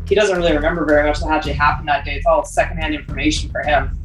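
A woman's voice: low-pitched, fairly even intonation, rapid-fire, distant mic, faint music behind. Chatty woman in a roomy space. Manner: chatty, with many fillers. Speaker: interviewee. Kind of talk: casual storytelling.

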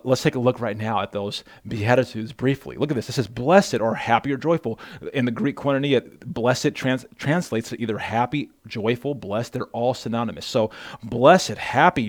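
A man's voice: medium pitch, no room sound. A man preaching a sermon as pastor, earnest and emphatic, repeating phrases for weight. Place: church.

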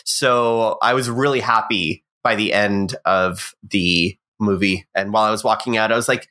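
A man giving his upbeat, animated take on a movie on a casual podcast. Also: fairly low pitch, normal speed, few pauses. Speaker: podcast co-host. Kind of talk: casual movie review chat.

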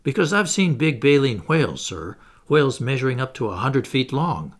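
A man doing a loud blustering harpooner. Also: mid-range voice, very animated, moderate pace. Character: brash excitable Canadian harpooner, grown man.

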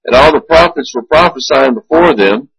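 A man's voice: fairly high pitch, normal speed, vocal fry, fairly bright tone, breathy edge, low-quality recording. A male pastor teaching a Sunday school class, reading scripture aloud and then explaining it in plain asides.

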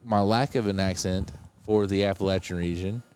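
A man's voice: low-pitched, fairly even intonation, normal speed, a little mellow, clear, resonant tone. Rambling casual man from West Virginia. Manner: rambling, many fillers and restarts. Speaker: podcast co-host. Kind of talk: casual chat.

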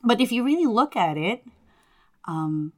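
A woman who is a Catholic religious sister and teacher, telling her story in an interview in an animated, earnest way. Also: fairly high pitch, measured pace. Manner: animated, earnest, acts out family members' lines.

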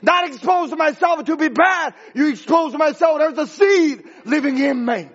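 A man preaching a sermon as pastor, impassioned and rising to shouts, with broken grammar. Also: extremely high pitch, a little slow, lo-fi sound.

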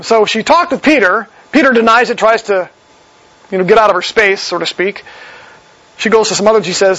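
A man's voice: sits high, moderate pace, a bit bright, no room sound. A man preaching a sermon in a conversational way, reading verses aloud and explaining them. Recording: slightly dull lo-fi recording.

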